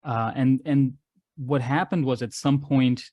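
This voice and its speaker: A man's voice: mid-range voice, fairly even intonation, measured pace, dry recording, lo-fi sound. Male artist-guest who tells long, musing stories in a dry, close recording. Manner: expansive, philosophical storytelling. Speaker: regular podcast guest, artist and musician. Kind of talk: casual conversation.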